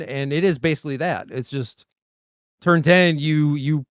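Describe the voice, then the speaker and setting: Podcast co-host, male, relaxed filler-heavy chat, dry close sound. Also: a little high, measured pace, clean tone, no echo. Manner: laid-back, filler-heavy, loose storytelling. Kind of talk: casual card game chat.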